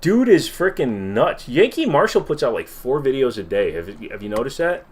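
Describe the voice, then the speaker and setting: A man's voice: mid-range voice, sing-song, moderate pace, breathy edge. A man hosting a casual livestream Q&A, rambling and swearing as he reacts to viewer comments. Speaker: livestream host.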